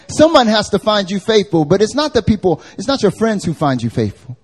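A man preaching a live church sermon, animated and conversational, acting out everyday voices. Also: high voice, a little fast, hardly any pauses, husky. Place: church service.

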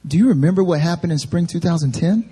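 A male preacher voicing God in a sermon story, gently and patiently asking whether he remembers. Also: a little high, quick pace, slightly rough. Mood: reminding. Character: God speaking to the pastor, patient and reminding.

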